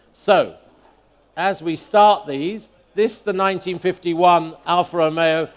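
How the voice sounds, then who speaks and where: Higher-voiced auctioneer calling bids. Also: male voice. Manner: brisk, repeats bids in a rhythmic chant. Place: auction hall at a motor museum.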